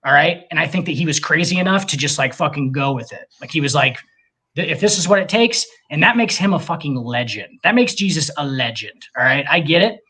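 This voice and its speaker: Husky, ranting podcast co-host man. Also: on the high side, fast, few pauses. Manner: profane, ranting, animated. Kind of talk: casual podcast banter.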